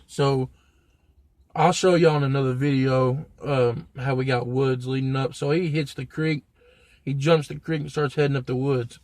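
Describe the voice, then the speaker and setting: A man's voice: medium pitch, no room sound. A young man telling a story to his viewers in a blunt, profane, slang-heavy way. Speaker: vlogger. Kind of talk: casual storytelling to camera.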